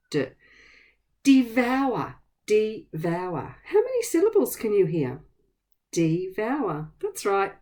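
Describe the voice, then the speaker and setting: A woman teaching a vocabulary lesson to young children, speaking slowly and clearly in an encouraging way. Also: medium pitch, mellow.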